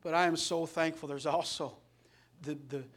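A middle-aged male pastor, preaching a Sunday sermon that swings between loud passion and soft earnestness. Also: fairly high pitch, fairly even intonation, moderate pace.

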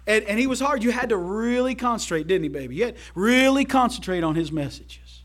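A man preaching a sermon to his church in a folksy, emphatic way, swinging between loud calls to the congregation and quiet asides. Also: high voice, animated, brisk, few pauses, slight background noise. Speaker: pastor.

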